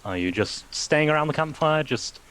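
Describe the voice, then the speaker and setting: A man's voice: fairly high pitch, expressive, moderate pace, a bit bright, clear, resonant tone. A man running a tabletop horror game as game master, narrating with many hesitant fillers.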